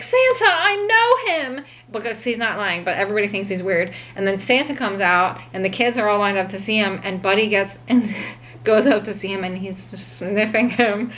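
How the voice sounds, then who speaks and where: Lady rambling through a movie plot from memory, bright voice, mid pitch, lots of ums. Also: slight background noise. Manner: rambling, with frequent fillers and laughter. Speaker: vlogger. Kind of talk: casual retelling of a film from memory.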